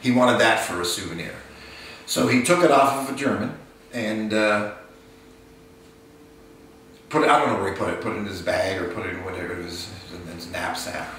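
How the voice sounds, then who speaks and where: A man in his sixties telling his late father's wartime story in an unhurried, halting way, often restarting his sentences. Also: on the low side, a bit bright. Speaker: son of a war veteran, interviewee. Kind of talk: personal recollection, storytelling. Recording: very roomy, distant mic, faint hiss.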